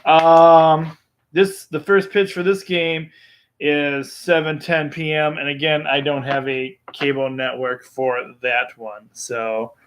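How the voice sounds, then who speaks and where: A man hosting a live-streamed baseball picks show, talking in a relaxed way with lots of ums and chuckles. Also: on the high side, takes it slowly, slight background noise. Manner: relaxed, filler-heavy, chuckling. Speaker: host.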